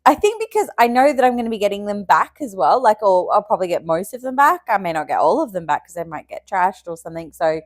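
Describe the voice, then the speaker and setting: A woman's voice: mid-range voice, very animated, quick pace, hardly any pauses, no echo, studio quality. Chatty young woman vlogger. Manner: chatty, many fillers and likes, laughs often. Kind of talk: casual chat to camera.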